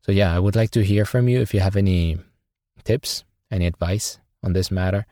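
Deep-voiced man, non-native English speaker. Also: a little fast, mellow, no echo. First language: not English. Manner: polite, hesitant with fillers. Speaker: caller. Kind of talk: recorded audio question. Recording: dry clean home recording.

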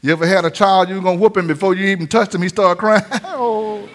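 High-voiced pastor, animated sermon, acts out voices. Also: male voice, fast. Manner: lively preaching, acts out voices, laughs often. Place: church sanctuary.

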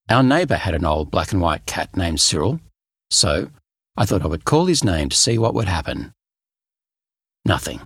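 A man reading a children's story aloud in a lively, expressive way. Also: deep voice, husky, no room sound, studio quality. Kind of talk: scripted children's story narration.

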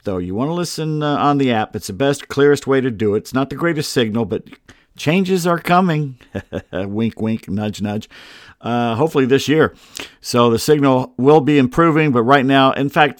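A middle-aged man hosts a casual sports podcast at home, speaking at an ordinary middle pitch. He rambles in a wry, self-deprecating way. His voice sits close to the mic in a dry, dead room. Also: dry recording. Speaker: podcast host.

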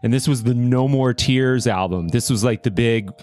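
A man hosting a podcast, telling anecdotes in quick, casual chat with many fillers. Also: mid-range voice, darkish tone. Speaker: podcast host.

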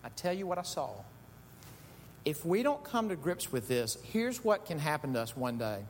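A middle-aged man preaching a sermon, telling stories with animated delivery that swings from quiet asides to loud shouts. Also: moderate pace. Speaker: pastor. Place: church sanctuary. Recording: echoey hall with faint rumble.

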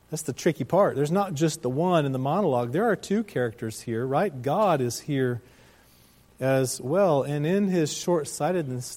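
A man preaching a sermon as a pastor, speaking emphatically, asking rhetorical questions and slowing down to stress key words. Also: a little high, darkish tone.

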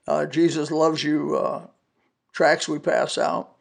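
An older man in his seventies gives a podcast testimony sermon with a raspy, gravelly edge. His voice sits a little high for a man, and he tells his story earnestly and folksily, quoting scripture along the way. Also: fairly even intonation, moderate pace. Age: 70s. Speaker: podcast preacher.

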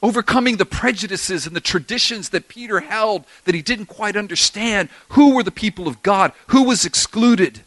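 A man's voice: sits high, moderate pace, hardly any pauses, a bit bright, no echo. A man preaching a verse-by-verse sermon, emphatic and full of rhetorical questions to his listeners. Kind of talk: expository sermon.

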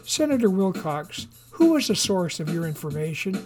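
A reader voicing a male television reporter asking pointed, measured questions. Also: medium pitch, sing-song, darkish tone, faint music behind, natural voice. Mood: probing.

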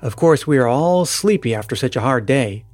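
A man's voice: mid-range voice, animated, moderate pace, a little mellow, no echo, faint music behind, lightly acted. A man reading an earnest teenage boy scout. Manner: grave, reassuring.

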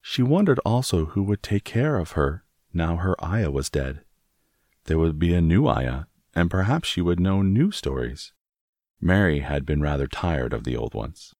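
A man reading a classic novel aloud as an audiobook narrator, in a measured, steady manner. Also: deep voice, dry recording, studio quality. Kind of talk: scripted narration.

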